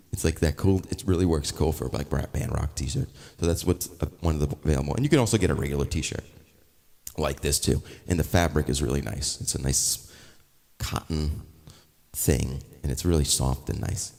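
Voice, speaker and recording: A man's voice: very deep voice, a little mellow, in a large hall. A man chatting casually to viewers on a music live stream, rambling with restarts.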